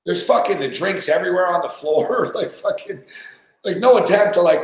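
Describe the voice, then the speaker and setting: A man's voice: fairly high pitch, expressive, moderate pace. A young man from Montreal, hosting a podcast and telling a rambling, profane story full of "like" and laughter. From Montreal, Canada. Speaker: podcast host. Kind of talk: casual storytelling chat. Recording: echoey room.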